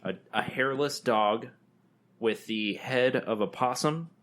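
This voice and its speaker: A man's voice: medium pitch, slow pace, fairly bright tone. A man with a Southern US accent from Texas, telling a story in casual podcast chat, laid-back with many ums. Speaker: podcast co-host.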